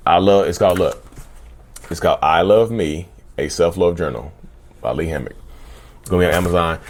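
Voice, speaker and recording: A man hosting his own channel, talking casually and repetitively to viewers, often saying "y'all". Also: low voice. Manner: conversational, repeats himself, often says "y'all". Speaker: channel host. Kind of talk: casual talk to camera.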